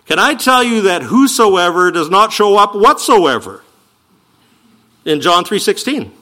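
A man preaching a sermon, teaching verse by verse and slowing down to stress key words. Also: high-pitched. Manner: animated, emphatic teaching with slow stressed quotes.

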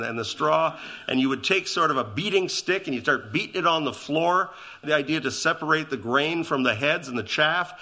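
A middle-aged male pastor delivering a sermon in a chatty, conversational way, turning to the congregation with asides and questions. His voice sits a little high and swings widely in pitch. The tone is bright and forward.

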